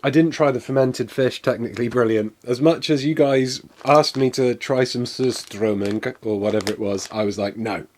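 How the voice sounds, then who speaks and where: A man's voice: mid-range voice, normal speed, hardly any pauses, darkish tone. Englishman streaming live, loose and self-deprecating, lots of fillers. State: coughing, something went down the wrong way. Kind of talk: casual live-stream taste test.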